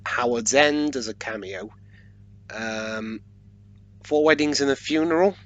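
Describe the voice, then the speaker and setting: Male co-host, playful and quick to laugh, mid-range voice. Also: medium pitch, lo-fi sound. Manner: joking and playful, with frequent laughs. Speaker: co-host of a watch-along commentary. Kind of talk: casual chat.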